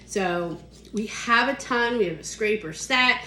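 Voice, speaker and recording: A woman's voice: a little high, a little slow, pushed and bright. Chatty woman showing off baking gear, upbeat, echoey kitchen with a faint hum. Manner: chatty, enthusiastic, counts points off as she goes. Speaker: host demonstrating kitchen products. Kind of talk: casual product demo vlog.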